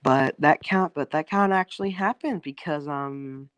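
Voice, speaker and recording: A man's voice: fairly high pitch, unhurried, fairly bright tone, dry recording. A young man rambles through a story over a phone call. He stops and restarts often and fills the gaps with ums. His tone is casual and a little profane. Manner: hesitant, full of restarts and "um"s, loose and swearing. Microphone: phone on an online call.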